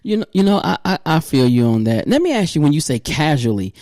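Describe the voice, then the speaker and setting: A man hosting a podcast, chatting casually in a relaxed, slangy way and laughing often. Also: on the high side, quick pace, no room sound, clean studio sound. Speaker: podcast host.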